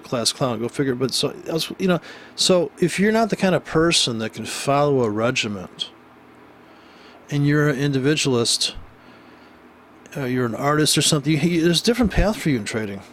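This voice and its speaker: A man's voice: a little high, lively intonation, normal speed, fairly bright tone, a little hiss or hum. A man giving casual, unscripted trading commentary to viewers, blunt and rambling, cursing freely and often tossing in a rhetorical "right?". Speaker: trading educator.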